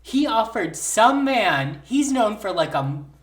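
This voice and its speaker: A woman's voice: medium pitch, big pitch swings, unhurried, roomy sound. A woman co-hosting a podcast who reacts to the story with blunt, joking asides and swearing. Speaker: podcast co-host. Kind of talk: casual chat, reacting. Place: indoor podcast setup.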